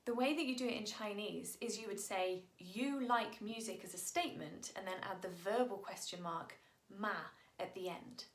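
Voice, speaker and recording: A woman's voice: medium pitch, a little fast, hardly any pauses, reverberant. A woman singer patiently explaining song lyrics to viewers, in an upbeat manner, sounding out Mandarin tones as she goes.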